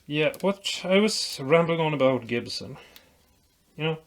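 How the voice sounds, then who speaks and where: A man's voice: fairly high pitch, animated, a little slow. A man vlogging as he builds a guitar, explaining while he works, rambling and making self-deprecating jokes. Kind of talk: casual workshop tutorial chat.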